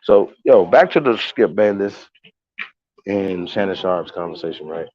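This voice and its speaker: A man's voice: low voice, expressive, a little slow. A man hosting a casual livestream, talking to viewers in a heated, profane, rambling way with many restarts. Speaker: livestream host. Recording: dull lo-fi sound.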